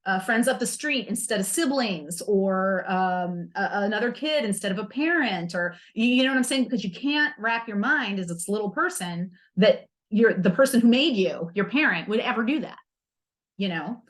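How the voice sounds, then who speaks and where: A woman's voice: mid-range voice, animated, normal speed. A woman hosting a self-help podcast, talking candidly and with humor, using playful slang. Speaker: podcast host.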